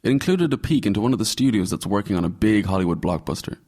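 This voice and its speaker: A man narrates a report in a clear, measured way. His voice sits somewhat low and stays steady throughout. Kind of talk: scripted narration and interview.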